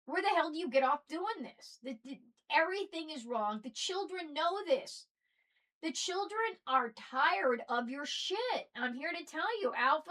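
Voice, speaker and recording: A woman with a mixed Southern and Northern American accent, delivering an impassioned, preachy monologue that swings between loud outbursts and soft asides. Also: high voice, expressive, moderate pace. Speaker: spiritual video host.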